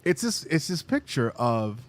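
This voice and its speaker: A man chats casually on a faith podcast. His voice sits at an ordinary middle pitch. He circles back and restarts his phrases as he talks things through, now and then reading an article aloud. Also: big pitch swings, a little slow, very noisy. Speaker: podcast co-host.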